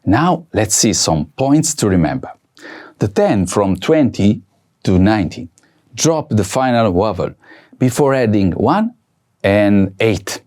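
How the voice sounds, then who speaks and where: Slow, lively-voiced male language teacher. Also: lowish voice. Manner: slow, careful repetition of words for learners. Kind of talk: scripted language lesson.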